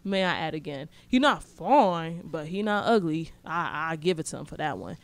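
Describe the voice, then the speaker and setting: A woman's voice: low voice, lively intonation, normal speed. A young woman telling a story in casual, slangy speech, blunt and sarcastic.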